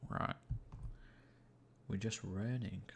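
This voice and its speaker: A man with a low, gravelly voice talks casually through a late-night gaming stream, tired and yawning, muttering to himself and swearing now and then. Faint keyboard clicks and background noise sit behind his desk microphone. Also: fairly even intonation, slow. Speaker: gaming livestreamer. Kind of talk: casual gameplay commentary.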